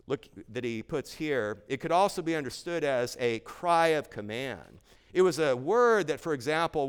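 A man in the pulpit delivers a sermon with an emphatic, repetitive cadence. His smooth, resonant voice sits slightly high for a man. The words trail into the long reverb of a large church sanctuary. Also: a bit bright. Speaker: pastor.

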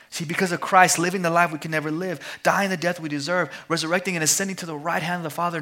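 A man preaching a sermon at a missions conference, passionate and rhythmic, repeating phrases and dropping to hushed tones. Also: fairly high pitch. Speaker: guest preacher.

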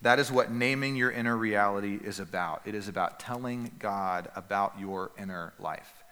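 A man preaching a sermon as pastor, earnest and emphatic, with dramatic pauses and quiet drops. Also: fairly low pitch, clear, resonant tone, long reverb tail.

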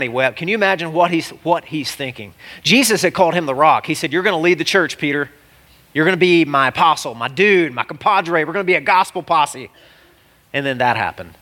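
A man preaching a sermon as a pastor, animated and exclamatory, swinging from loud cries to hushed asides. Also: on the high side, fast talker.

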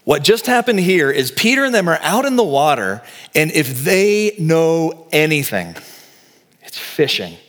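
Pastor preaching in a reverberant hall. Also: male voice, on the high side, a little slow. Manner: animated storytelling, acting out quoted voices. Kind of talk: sermon.

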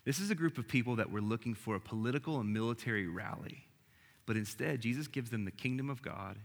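A man preaching a sermon as pastor, swinging between emphatic, rising lines and hushed, quiet ones. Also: on the low side, long reverb tail.

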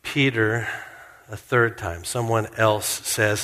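A man's voice: medium pitch, measured pace, fairly bright tone. Earnest male preacher in a reverberant hall. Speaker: pastor. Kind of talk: sermon.

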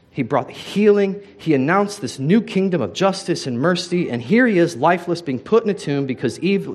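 A man, a pastor, preaching a sermon in a conversational way, often turning to ask his congregation questions. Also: on the high side.

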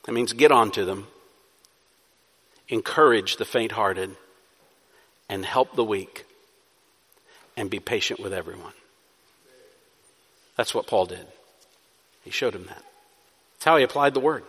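A man preaching a sermon as pastor, moving between soft, pleading passages and loud, urgent exhortation. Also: lowish voice, a little slow, long pauses, slightly rough, long reverb tail.

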